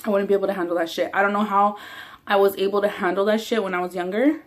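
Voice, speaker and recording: A woman's voice: mid-range voice, fairly even intonation, fast. A woman chatting casually while eating on a mukbang vlog, rambling, swearing freely and often laughing. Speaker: mukbang vlogger.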